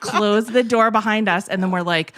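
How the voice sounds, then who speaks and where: A woman co-hosting a podcast, telling a long story in a casual, lively way and laughing as she goes. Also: medium pitch, normal speed, a little hiss or hum. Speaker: podcast co-host. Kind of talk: casual chat, animated storytelling.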